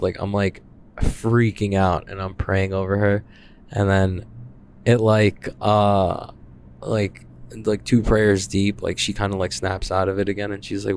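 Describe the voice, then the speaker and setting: A man's voice: lowish voice, flat delivery, measured pace, a little mellow, slight background noise. A young man telling a spooky personal story in casual talk, rambling with many fillers and frequent swearing.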